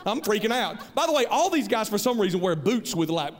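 Earnest high-voiced pastor. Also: male voice, very animated, fast. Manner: earnest, conversational, repeats himself. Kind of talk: sermon. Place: large church hall. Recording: reverberant hall.

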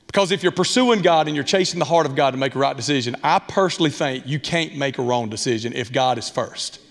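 The clip captures a church sanctuary with long reverb and music, where a Southern Alabama pastor in his thirties gives an unguarded, down-home sermon peppered with asides. He talks fast in a medium-pitched voice.

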